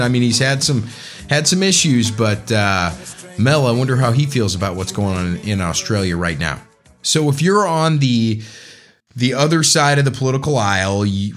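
A man's voice: medium pitch, fairly bright tone. A man hosting a podcast, rambling in a casual political monologue, talking straight to his listeners and often correcting himself. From United States. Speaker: podcast host.

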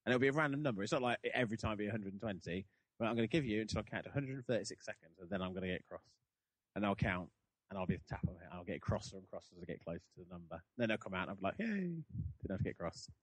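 A man's voice: on the low side, very fast, no echo. A young man hosting a podcast, chatting and rambling in a self-deprecating way. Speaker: podcast host. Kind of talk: casual chat.

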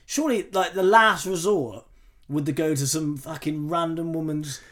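A man's voice: a little high, normal speed, a crowd in the background. A man co-hosting a film review podcast, chatting casually, swearing freely, laughing and slipping into mocking impressions. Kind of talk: casual chat.

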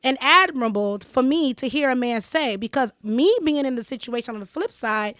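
Woman, podcast host, casual talk, emphatic, repeats herself for stress, slightly high voice, dry sound. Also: normal speed, a bit bright, dry recording. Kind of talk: casual conversation.

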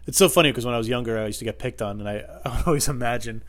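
A man's voice: medium pitch, rapid-fire, hardly any pauses. A young man hosting a podcast, rambling through comic stories with plenty of swearing. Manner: animated storytelling, swearing, bursts into loud impressions. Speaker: podcast host. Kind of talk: rambling comedic monologue.

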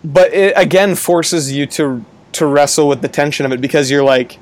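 A man's voice: on the high side, fairly even intonation, moderate pace, hardly any pauses. A man co-hosting a podcast, talking casually and reflectively about a film, often chiming in with agreement. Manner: reflective, with frequent agreeing interjections. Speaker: podcast co-host. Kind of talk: casual chat.

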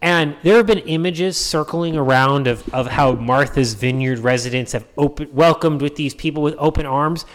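This slightly high male voice moves at a moderate pace with hardly any pauses while hosting a political commentary monologue. He's sarcastic, puts on mocking voices for quotes, and repeats his points for emphasis in this opinion piece.

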